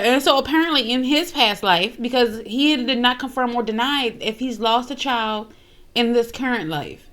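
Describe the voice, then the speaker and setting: A woman hosting a casual reaction video, chatty and quick to exclaim. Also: a little high, lively intonation, a bit bright. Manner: chatty, exclaims and laughs often.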